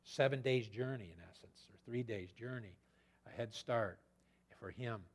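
A male preacher giving an expository sermon in a conversational, animated way, retelling the scripture with his own asides. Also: medium pitch, normal speed.

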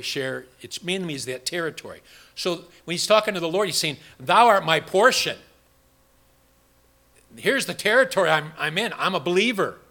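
A man's voice: fairly high pitch, pushed and bright. A man preaching an interactive Bible study sermon, rambling with restarts and quizzing his congregation with questions.

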